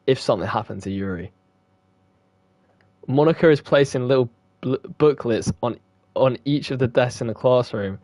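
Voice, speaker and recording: A man's voice: medium pitch, normal speed, pauses often, darkish tone, no room sound. A young man reads a visual novel aloud and swears freely between lines. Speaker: gaming streamer.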